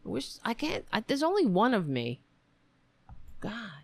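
Her pitch swings hugely from a fairly high base as she hosts a casual livestream at home, speaking unhurriedly. Frustrated, she rambles, sighs and swears, and the recording is dry.

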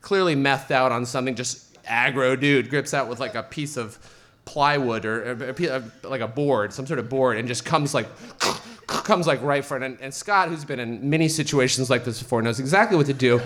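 A man's voice: mid-range voice, normal speed, fairly bright tone. Profane rambling male storyteller. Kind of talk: personal story told to an audience.

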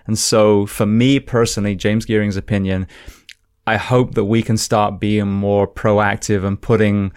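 Earnest low-pitched male interviewer. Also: level tone, measured pace, darkish tone, clear, resonant tone. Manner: earnest, opinionated. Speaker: podcast host. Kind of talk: interview questions and opinion.

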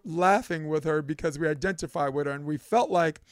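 A man hosting a casual podcast, an animated storyteller who acts out quotes. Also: fairly high pitch, fairly quick, no echo, studio quality. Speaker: podcast host.

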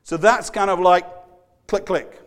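A man's voice: high-pitched, fairly even intonation, unhurried. A middle-aged man preaching a conversational sermon, chatty and self-deprecating, with frequent restarts and stammered repeats. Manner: chatty, self-deprecating, acts out everyday voices.

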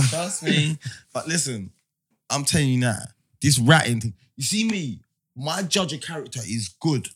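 A man, co-hosting a casual chat podcast, animated and full of street slang with loud bursts. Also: mid-range voice, unhurried, slightly rough.

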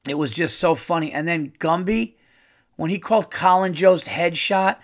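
Profane, fast-rambling comedian host. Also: male voice, fairly high pitch. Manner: profane, animated, rambling with restarts. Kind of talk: casual monologue.

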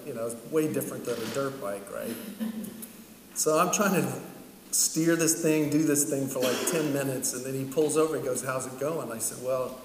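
A man's voice: on the high side, far from the mic. A middle-aged man preaching a sermon, telling a personal story in a casual, chatty way with frequent laughter. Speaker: pastor. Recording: echoey hall, voice from afar, faint ambient noise.

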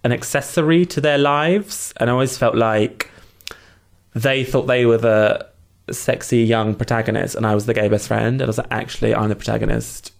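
A man in his late twenties co-hosting a comedy podcast, trading dry quick-witted quips in casual chat. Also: mid-range voice, steady tone. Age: 20s. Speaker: podcast co-host.

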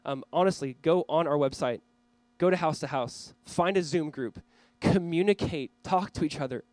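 A man's voice: on the high side, normal speed, a little mellow, no room sound, rough recording. A man preaching a sermon as pastor, earnestly urging his listeners. He speaks straight to a camera for viewers watching online.

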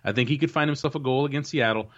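A quick-paced, medium-pitched man runs a soccer podcast, making confident predictions for matches in a casual sports chat. He restarts his sentences often, and the recording has a dull, lo-fi sound.

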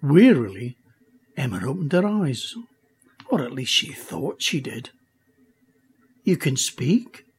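A man reading a children's story aloud, expressive and unhurried. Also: medium pitch, husky. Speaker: audiobook reader. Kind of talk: storybook narration.

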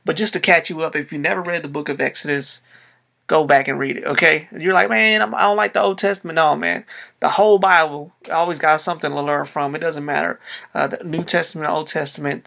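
A man's voice: on the high side, vocal fry, sharp tone. A man preaching a sermon in a casual, conversational way, using slang as he retells a Bible story. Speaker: pastor.

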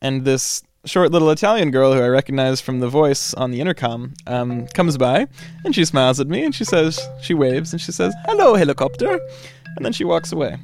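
Guy telling a travel story, chatty and loose with lots of ums, mid pitch, faint guitar behind. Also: lively intonation, a little fast, gravelly, darkish tone. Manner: casual and chatty, with many fillers. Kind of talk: personal travel story told aloud.

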